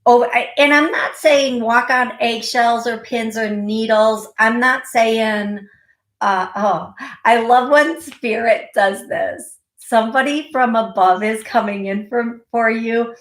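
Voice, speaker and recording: A woman's voice: on the high side, takes it slowly, reverberant. A woman hosting a call-in psychic radio show, giving readings with repeated, direct warnings and bursts of giggling.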